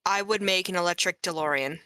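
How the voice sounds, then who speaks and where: A woman's voice: fairly low pitch, fairly quick, sharp tone, dry recording, poor audio. A woman chatting playfully on a watch-along voice call, giggling and joking. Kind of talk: casual watch-along chat. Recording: voice chat call.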